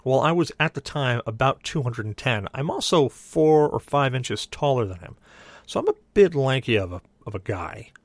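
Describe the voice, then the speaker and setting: A man's voice: medium pitch, moderate pace, no room sound. A young adult man, a podcast co-host, telling a long story in casual chat and acting out the other people's lines. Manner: animated, voices others in quoted dialogue.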